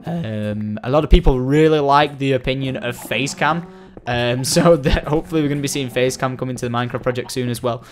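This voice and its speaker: A man's voice: mid-range voice, quick pace, few pauses. Chatty Scottish young man commentating a game. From Scotland. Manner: chatty, excitable, talks to animals in game. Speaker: gaming commentator. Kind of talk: casual gameplay commentary.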